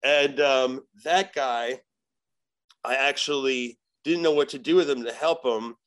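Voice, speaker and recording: A man in the middle of his pitch range, talking as a podcast guest. He rambles loosely with lots of "you know" fillers and swears freely as he tells his stories. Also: measured pace, rough recording. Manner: profane, animated storyteller acting out voices. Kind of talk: casual storytelling.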